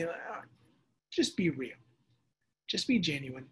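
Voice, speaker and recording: A man preaching a sermon as pastor, lively and conversational, acting out voices and adding casual asides. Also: sits high, normal speed, husky. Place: church or home setting during the pandemic.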